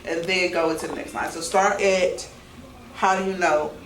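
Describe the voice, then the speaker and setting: A woman directing actors in rehearsal, explaining each beat and checking in with "okay?" as she goes. She is picked up from off-mic in a roomy space. Clear noise runs beneath her. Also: lowish voice, fairly even intonation, moderate pace, distant mic. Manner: instructive, repeating "okay?" to check understanding. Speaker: film director.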